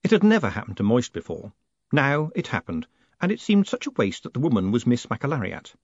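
A man narrating an audiobook in an expressive, wry, dramatic reading, recorded dry and slightly muffled. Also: medium pitch, a little fast, dry recording.

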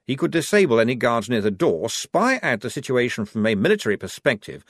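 Male reader as a fussy, pompous young lieutenant, raised and prissy, lively pitch. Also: a little fast, dry recording, studio quality. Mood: eager. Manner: raised, prissy, mannered speech. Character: prim, earnest young officer, man, pompous and fussy.

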